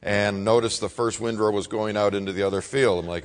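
A man's voice: on the low side, steady tone, a little fast. A middle-aged man preaching a sermon in a folksy, conversational way, mixing scripture with stories from his own childhood. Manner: folksy, conversational, acts out his father's shouting. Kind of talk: sermon with personal storytelling.

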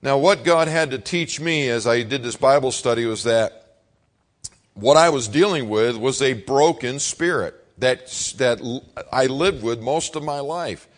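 A middle-aged man preaches in a relaxed, folksy manner, with plenty of restarts and asides. His voice sits at an ordinary male pitch, and he moves easily between reading scripture and telling his own stories. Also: unhurried. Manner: folksy, conversational, acts out his father's shouting. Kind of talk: sermon with personal storytelling.

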